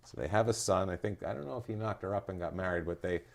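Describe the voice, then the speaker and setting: A man hosting a casual true-crime podcast, telling the story loosely with lots of swearing and quick jokes. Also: low-pitched, gravelly. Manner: loose, profane storytelling with quick comic impressions. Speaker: podcast host.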